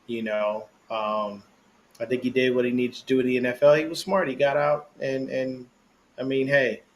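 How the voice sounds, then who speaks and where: Guy on a fan podcast, casual and animated, slangy, laughs a lot, mid pitch. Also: normal speed, slight background noise. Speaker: podcast co-host. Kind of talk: casual sports podcast chat.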